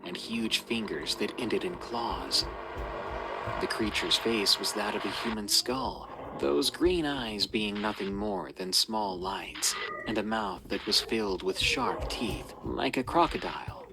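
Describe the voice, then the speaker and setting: A man's voice: lowish voice, lively intonation, a little slow, creaky, background noise. A man narrating a scripted horror story in a dramatic, suspenseful reading.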